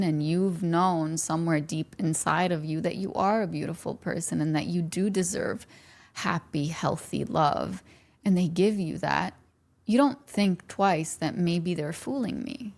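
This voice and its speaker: Gentle low-pitched woman with vocal fry. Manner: earnest, speaks directly to the listener. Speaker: podcast host. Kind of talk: reflective podcast monologue.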